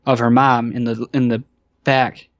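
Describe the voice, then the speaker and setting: A man speaking at an ordinary pitch as a guest, his talk hesitant and full of fillers and restarts. His voice comes through dull and lo-fi, dry and close. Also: level tone, unhurried, dry recording. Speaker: guest caller. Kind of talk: casual interview chat.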